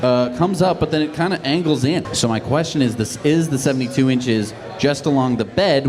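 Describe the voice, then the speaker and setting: A male co-host with a mid-range voice thinks aloud and piles up questions. The steady noise of a crowd sits behind him at a live event. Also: medium pitch. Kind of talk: casual chat.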